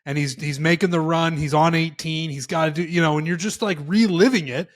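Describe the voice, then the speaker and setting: A young man co-hosting a golf podcast, telling stories in animated, casual chat with some swearing. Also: on the high side, fairly quick. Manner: animated storytelling, swearing, quotes himself. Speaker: podcast co-host.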